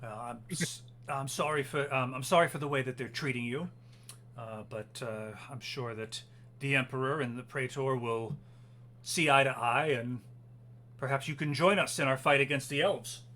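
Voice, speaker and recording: A composed officer in a fantasy tabletop game speaks in a measured, formal way, calm but firmly in command, as a man puts him on. His voice sits in an ordinary middle range with a bright edge, and a faint hum runs underneath. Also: medium pitch, lightly acted.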